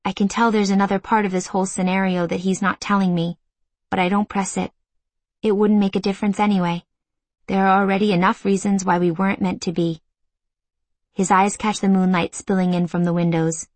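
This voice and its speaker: A woman narrates a first-person audiobook with quiet intimacy, taking her time over each phrase. Her pitch sits in a middle range for a woman. The recording is dry and close, with no room sound. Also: flat delivery, no echo. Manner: intimate, emotional, measured.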